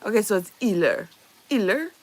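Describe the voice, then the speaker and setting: A woman's voice: mid-range voice, sing-song, normal speed, rough recording. A woman livestreamer chatting casually with her viewers, reading their messages aloud, playful and often laughing.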